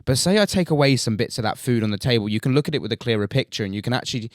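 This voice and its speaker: A man's voice: medium pitch, animated, very fast, no echo, studio quality. A man hosting a casual podcast, explaining things at length through worked examples. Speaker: podcast host.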